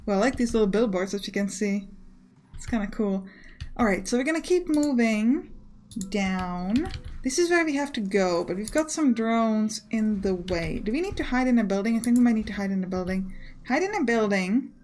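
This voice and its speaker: A woman's voice: medium pitch, lively intonation, moderate pace, darkish tone, a little hiss or hum. A woman hosting a let's play, chatting casually and urging herself on with a self-mocking tone. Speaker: gaming video host.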